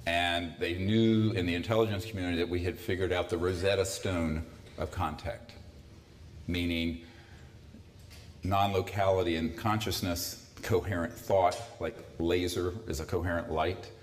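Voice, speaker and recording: A man's voice: low-pitched, fairly even intonation, normal speed. A man in his sixties giving a conversational public talk to a live audience, with dry sardonic asides. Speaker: lecturer. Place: lecture hall. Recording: echoey hall.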